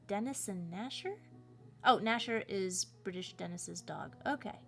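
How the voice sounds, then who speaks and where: A woman's voice: mid-range voice, lively intonation, measured pace, creaky, soft background music. Chatty American woman on a livestream. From United States. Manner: chatty, rambling, playful asides. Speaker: livestream host, voice actor and cartoonist. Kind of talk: casual livestream chat.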